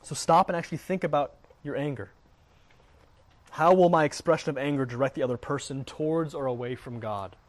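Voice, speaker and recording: A man's voice: on the high side, fairly quick. A middle-aged man teaching earnestly on faith, often repeating words as he speaks. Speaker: Christian teacher.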